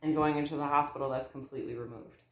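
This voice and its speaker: A woman's voice: sits low, steady tone, fast talker, dull audio. A woman in her thirties telling a personal story to her viewers in an earnest, heartfelt way, calling them y'all. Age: 30s. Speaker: vlogger. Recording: echoey room.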